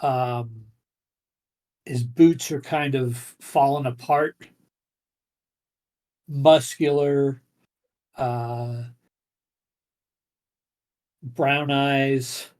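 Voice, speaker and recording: A game master narrating a tabletop game, describing scenes haltingly with many pauses and fillers. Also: medium pitch, steady tone, darkish tone, low-quality recording.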